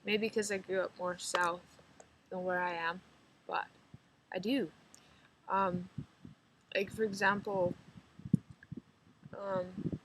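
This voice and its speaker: A woman's voice: medium pitch, steady tone, slow pace, long pauses, a little hiss or hum, rough recording. Chatty teen girl with a slight drawl. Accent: slight rural drawl. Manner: chatty, rambling, giggly, lots of "like". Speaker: vlogger. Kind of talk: casual chat to camera.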